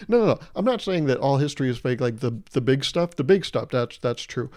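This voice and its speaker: A man's voice: medium pitch, expressive, brisk, a little mellow. A young man hosting his own podcast, rambling through a casual comedic monologue and slipping into playful mock voices. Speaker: podcast host.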